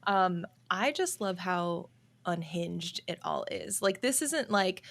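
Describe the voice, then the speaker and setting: A woman's voice: mid-range voice, slow, vocal fry, a bit bright. A woman co-hosting a gaming podcast, chatting casually and enthusiastically. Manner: enthusiastic, laid-back. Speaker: podcast co-host. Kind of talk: casual chat.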